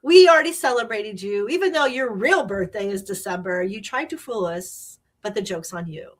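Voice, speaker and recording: A woman's voice: mid-range voice, expressive, normal speed, lightly acted. A woman quoting her old male sergeant, who teases her in a gloating way. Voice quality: teasing, gloating.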